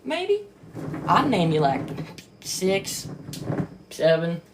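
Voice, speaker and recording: Woman commentator, unhurried, animated swings in pitch, swears and mocks freely. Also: background noise. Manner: profane, exclamatory, mocking; laughs often. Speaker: book commentator. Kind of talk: casual reaction commentary.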